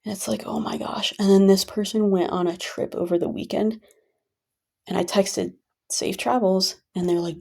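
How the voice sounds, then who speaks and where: A woman's voice: mid-range voice, steady tone, moderate pace, creaky, a little mellow. A woman venting in a rambling, casual monologue full of fillers and restarts. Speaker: vlogger.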